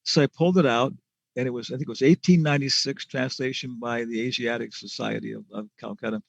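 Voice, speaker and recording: A man teaching a scripture class with a gravelly, creaky voice. He talks in a loose, chatty way, restarting phrases and chuckling. The recording is dull and lo-fi, with a dry, close sound. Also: mid-range voice, fairly even intonation, fast talker, no room sound. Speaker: spiritual teacher.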